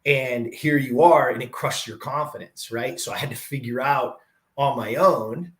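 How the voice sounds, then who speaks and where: A man's voice: medium pitch, moderate pace. A middle-aged man hosts a podcast with a mid-range voice. He tells stories in a conversational way, slipping into the voices of the people he quotes. He keeps checking in with his listener by asking "right?". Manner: animated, acts out quoted dialogue, says "right?" often. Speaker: podcast host. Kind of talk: conversational storytelling.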